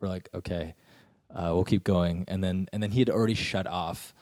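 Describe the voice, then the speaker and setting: A young man, a comedian and actor, telling stories in a casual podcast chat, jumping into high voices to act out quotes. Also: moderate pace, no echo, clean studio sound. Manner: animated storyteller, acts out quotes in high voices.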